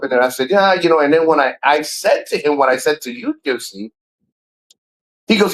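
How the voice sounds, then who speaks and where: A man's voice: fairly high pitch, expressive, fairly quick, rough recording. A man in his fifties chatting casually on a live stream, rambling and swearing freely, often repeating words and restarting sentences. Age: 50s.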